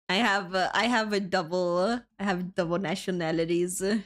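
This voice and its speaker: A woman's voice: medium pitch, fairly bright tone. A young woman from Spain with an American accent, chatting casually and giggling often while she draws on stream. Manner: giggly, laughs often between phrases. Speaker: art streamer. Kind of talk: casual chat while drawing.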